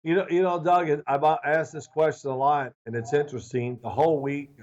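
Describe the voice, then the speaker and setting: Brisk and on the high side, his voice comes through with the highs cut off on a remote video call. The former quarterback, in his sixties, is a guest sharing animated interview stories and loudly acting out his old coach's quotes.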